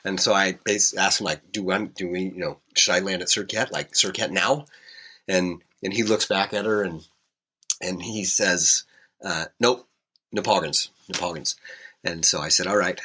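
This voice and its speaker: Husky low-voiced man telling a story. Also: fairly even intonation, moderate pace, sharp tone. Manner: rambling, many fillers and restarts. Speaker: helicopter pilot guest. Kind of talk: casual storytelling interview.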